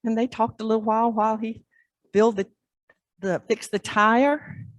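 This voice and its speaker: A woman pastor preaching in church, telling a story in an animated way and acting out the scenes. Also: fairly high pitch, normal speed, no room sound. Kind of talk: sermon storytelling.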